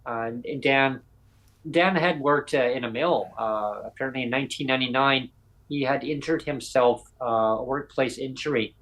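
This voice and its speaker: Man, podcast host, casual chat, halting delivery, lots of fillers, from Canada. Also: medium pitch, fairly bright tone, low-quality recording. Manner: halting, many fillers and restarts.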